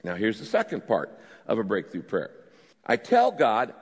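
A man's voice: lowish voice, huge pitch swings, normal speed, breathy edge, faint music behind. A pastor preaching a sermon, his voice rising with emphasis as he voices quoted prayers. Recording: long reverb of a large hall.

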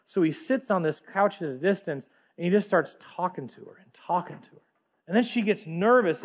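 Pastor guy telling a sermon story, kinda high-pitched, talks right to the crowd. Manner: vivid storyteller, addresses the congregation directly.

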